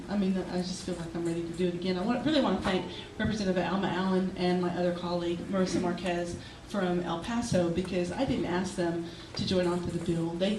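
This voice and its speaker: A woman with a Texan accent, giving an emotional, halting acceptance speech as a legislator. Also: on the low side, fairly even intonation. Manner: emotional and halting, with fillers and restarts. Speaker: state legislator accepting an award. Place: banquet hall. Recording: echoey hall from far off with noise.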